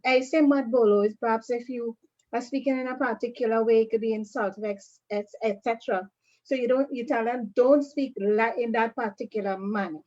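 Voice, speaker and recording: A woman's voice: fairly high pitch, steady tone, fairly quick, darkish tone. Woman student on a dull video call. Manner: thoughtful, explains carefully. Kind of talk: answering in online class.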